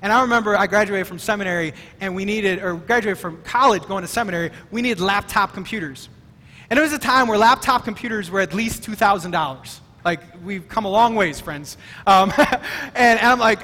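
A man preaching a sermon as pastor, emphatic and excitable, often stumbling over his words as he restarts. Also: high voice, fairly quick. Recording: long hall reverb.

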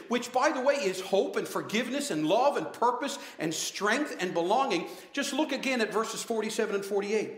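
High-voiced preacher in an echoey hall. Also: male voice, animated, normal speed. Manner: passionate, rhetorical questions, appeals to congregation. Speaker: pastor. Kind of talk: sermon.

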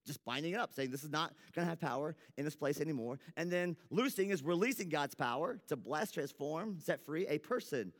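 A man's voice: a little high, lively intonation, a little fast, few pauses. A man preaching a sermon as a church pastor, earnest and conversational, often restarting his sentences. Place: church sanctuary. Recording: long hall reverb.

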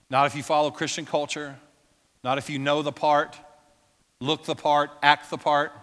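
A male pastor preaching a sermon in a church, emphatic, swinging from loud declarations to hushed intensity. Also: mid-range voice. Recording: echoey church hall with long reverb.

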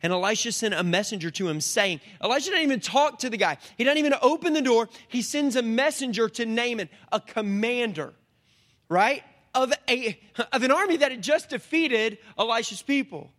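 A man preaching a sermon as pastor, telling Bible stories with lively asides and quick put-on voices for the people in them. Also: very high-pitched. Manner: animated storytelling, jumps into voices and back.

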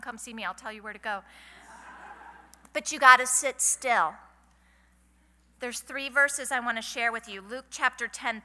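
A woman's voice: on the high side, pushed and bright. A middle-aged woman, giving a folksy, chatty sermon at a women's conference and asking the audience questions. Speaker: conference speaker. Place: large hall. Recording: hall reverb from a live event.

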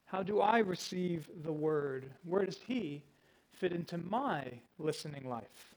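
A man's voice: a little high, lively intonation, slow pace, rough recording. A man preaching a sermon to a congregation, teaching verse by verse and laying out a plain outline. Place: room with a congregation.

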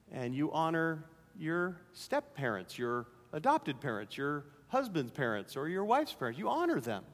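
A middle-aged man pastor preaching a sermon, emphatic, repeating key phrases and dropping to quieter asides. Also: medium pitch. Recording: long hall reverb.

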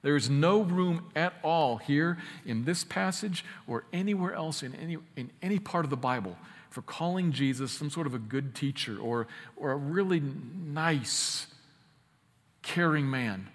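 A man preaching a sermon, emphatic, slowing down to stress key phrases and speeding through quick asides. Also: a little high, fairly bright tone, in a large hall. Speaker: pastor.

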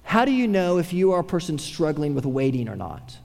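Guy preaching a sermon, kinda high voice, gets loud then drops to a hush, long hall echo. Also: very animated, fairly quick, vocal fry. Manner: preaching with sweeping swings from raised voice to hushed tones. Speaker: pastor.

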